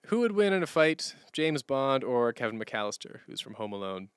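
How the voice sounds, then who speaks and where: Chatty man streaming, crisp voice. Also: medium pitch, very animated, moderate pace, dry recording, studio quality. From Canada. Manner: rambling, chatty, answers chat questions, laughs easily. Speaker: streamer and musician. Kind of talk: casual live-stream chat. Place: room at home, sitting on a hardwood floor.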